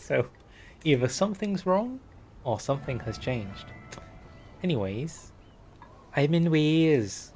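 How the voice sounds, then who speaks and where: A man's voice: on the high side, lively intonation, takes it slowly, long pauses, darkish tone, soft background music. A young man streaming and talking over a strategy game, chatty and wry, reading in-game text aloud. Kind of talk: game livestream commentary.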